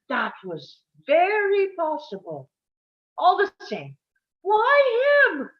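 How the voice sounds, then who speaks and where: A woman's voice: on the high side, dull audio. A woman reading the part of a bitter, tormented male composer in a table read, with a brooding, confessional delivery.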